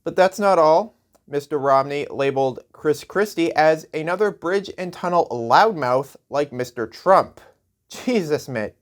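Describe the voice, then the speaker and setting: Slow, sarcastic male comedy host. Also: on the high side. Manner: sarcastic, jokey, laughs at his own jokes. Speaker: late-night comedy show host. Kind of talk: comedic news monologue.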